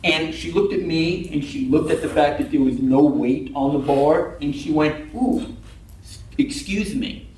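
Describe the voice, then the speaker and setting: A man delivering a comic club speech, wry and storytelling, his voice sitting a little high for a man. He is recorded from a distance in an echoey meeting room, with faint background noise. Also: steady tone, moderate pace, hardly any pauses, darkish tone. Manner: wry storytelling, acts out quoted people. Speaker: club speaker. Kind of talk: humorous prepared speech.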